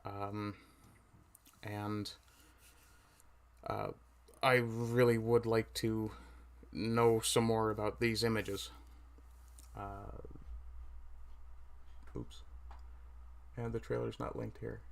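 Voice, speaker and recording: A middle-aged Newfoundland man hosts a relaxed livestream in a lowish voice. He rambles along, stops to fix his own words and tosses off chatty asides as he clicks through pages. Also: extremely slow, vocal fry, long pauses. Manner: rambling, self-correcting, chatty asides while browsing. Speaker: livestream host. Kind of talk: casual livestream chat.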